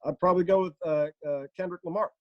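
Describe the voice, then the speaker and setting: A man impersonating a measured male politician who stammers, pauses on "uh" and weighs both sides of every answer. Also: high-pitched, steady tone, no echo, dull audio, pitched above the performer's own voice, close to an everyday voice. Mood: deliberate. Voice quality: halting, stammering doubled words and 'uh' pauses.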